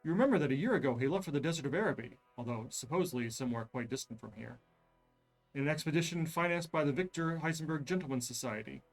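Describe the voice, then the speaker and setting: A man hosting a live reading of a horror gamebook, narrating in a measured, suspenseful way. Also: a little high, faint music behind.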